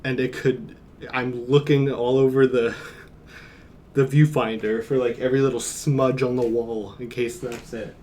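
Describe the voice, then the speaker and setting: A man's voice: medium pitch, fairly even intonation, measured pace, darkish tone, a little hiss or hum. A man streaming from home, chatting casually in a rambling, jokey way and chuckling often. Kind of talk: casual live-stream chat.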